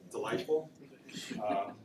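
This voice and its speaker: A man's voice: fairly low pitch, slow pace. A man giving a casual classroom lecture, often checking in with "right?" as he tells stories. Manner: casual, conversational, peppered with "right?". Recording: echoey room mic from far off, noisy.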